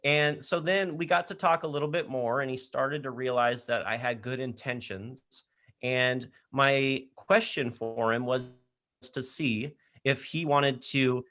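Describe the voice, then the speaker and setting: A man speaking in an online session from his laptop mic, telling an animated story to high school students with frequent laughter. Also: unhurried. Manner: energetic, animated storyteller who laughs often. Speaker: leadership program speaker.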